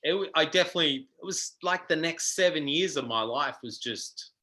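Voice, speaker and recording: A middle-aged Australian man telling stories as a guest in a casual interview, animated and full of ums. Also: on the high side, moderate pace, rough recording. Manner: animated, acts out quoted voices, frequent ums. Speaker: guest guitarist.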